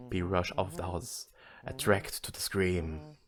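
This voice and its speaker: A man reading an AI-generated adventure story aloud in a deadpan manner. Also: low-pitched, moderate pace.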